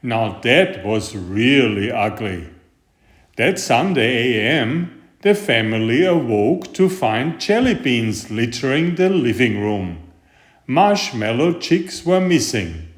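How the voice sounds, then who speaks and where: Slow, animated man reading a children's story. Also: mid-range voice. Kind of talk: children's story read-aloud. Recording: roomy echo.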